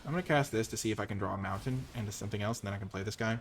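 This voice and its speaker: A man commentating his own card game, switching between quiet muttered analysis and loud, mock-grandiose cheering. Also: on the low side, very fast, a little hiss or hum. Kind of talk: gameplay commentary.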